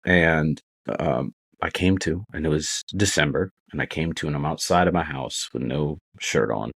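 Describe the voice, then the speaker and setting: Gravelly deep-voiced man telling his story. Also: normal speed, a bit bright. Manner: candid, profane, with many fillers. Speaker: podcast guest. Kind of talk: casual storytelling.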